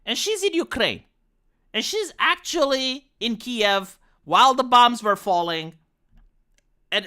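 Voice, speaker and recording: Bright, animated woman ranting on stream. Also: on the high side. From Romania. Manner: blunt, sweary ranting with many restarts. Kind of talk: casual live-stream commentary.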